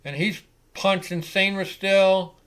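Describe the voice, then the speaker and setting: A man hosting a live football reaction show, giving excitable, profane play-by-play commentary. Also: high voice, slow pace, clean tone. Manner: excitable and profane, swears freely.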